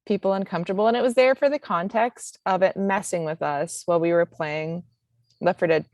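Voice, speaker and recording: A woman's voice: lowish voice, fairly even intonation, moderate pace, darkish tone, no echo. A woman on a marathon team, talking in a playful, emphatic way during a casual panel Q&A.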